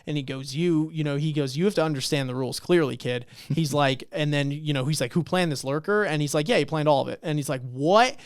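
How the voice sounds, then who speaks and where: A man on a podcast, casually recapping a webtoon and acting out the characters' lines with swearing and excitement. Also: on the high side, quick pace, few pauses, smooth, dry recording, clean studio sound. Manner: animated retelling, acts out lines, swears. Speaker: podcast co-host.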